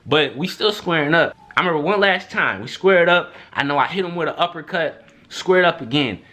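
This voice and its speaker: A young man vlogging a storytime in a loose, slangy way, acting out what others said with big jumps in his voice. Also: brisk. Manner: animated, slangy, acts out quotes with big pitch jumps. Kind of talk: storytime monologue.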